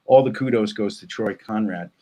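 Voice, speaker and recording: A man speaking as a guest in a casual interview, thoughtful and halting, with many fillers and restarts. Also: on the low side, mellow.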